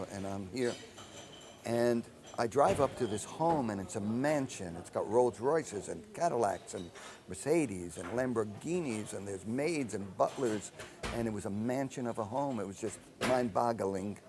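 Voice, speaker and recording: An older man and composer telling anecdotes in an interview, animated and acting out the dialogue he quotes. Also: on the low side, moderate pace, noisy background. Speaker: film composer.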